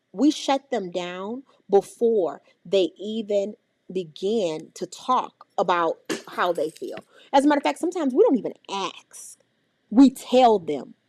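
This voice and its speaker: Lively woman trainer with a dry, close sound. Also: mid-range voice, slow, no echo. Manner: animated, acts out scolding adults and children's voices. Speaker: early childhood trainer. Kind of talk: teaching a parenting workshop.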